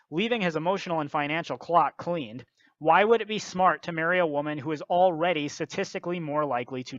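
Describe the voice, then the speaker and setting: A man's voice: fairly high pitch, a bit bright, no echo. A man with a slightly raised voice lectures bluntly through scripted commentary. The sound is dull and dry, with no room around it. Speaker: video commentator.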